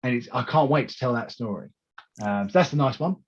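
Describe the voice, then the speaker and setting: A man in casual interview chat as a wrestling promoter, telling animated stories full of restarts and acted-out quotes. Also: mid-range voice, fairly quick, husky, lo-fi sound. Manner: animated storyteller who acts out quoted lines, with many restarts.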